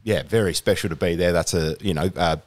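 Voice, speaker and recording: A man's voice: low-pitched, brisk. A young Australian man as a podcast guest, chatting casually with lots of fillers and restarts. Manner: rambling, many fillers and restarts. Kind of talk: casual chat.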